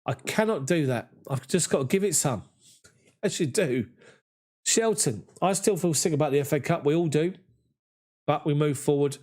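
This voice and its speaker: A man, hosting a live fan chat after a match and reading viewer comments in an excitable, chatty way. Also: a little high, moderate pace. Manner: excitable, chatty, mimics voices in anecdotes. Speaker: fan channel host.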